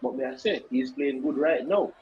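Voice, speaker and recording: A man's voice: mid-range voice, moderate pace, darkish tone. Argumentative Jamaican man with a dull recording. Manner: argumentative, questions his co-host. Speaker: football podcast co-host. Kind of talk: heated casual debate.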